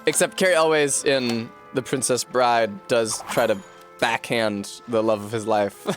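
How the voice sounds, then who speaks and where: A man's voice: mid-range voice, fairly even intonation, unhurried, soft background music. A man chatting casually while streaming a game, joking and swearing through rambling asides.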